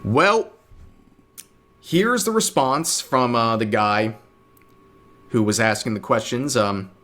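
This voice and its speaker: Man, video commentator, dry, matter-of-fact, medium-pitched voice. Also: animated, slow pace, a bit bright. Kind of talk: video commentary reading tweets.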